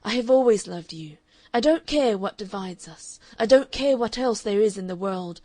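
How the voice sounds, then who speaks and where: A woman's voice: medium pitch, lively intonation, moderate pace, mellow, no echo, natural voice. A woman reading the part of a lovesick man who pleads urgently in an audiobook. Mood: pleading.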